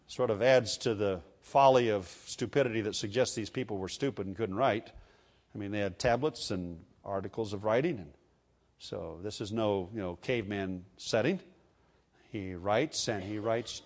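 A man preaching a sermon as a pastor, with sudden swells and drops in loudness and conversational asides to the congregation. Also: on the low side, moderate pace.

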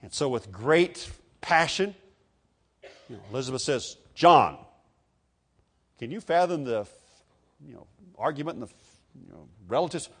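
A man preaching a sermon as a pastor, with sudden swells and drops in loudness and conversational asides to the congregation. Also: mid-range voice, animated, moderate pace, long pauses.

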